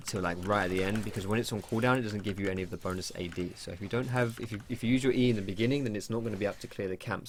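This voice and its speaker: Over a slight hiss or hum, a young man with a lowish voice rambles through a casual gameplay tutorial at his home computer. He keeps it chatty and lets a swear word slip when something startles him.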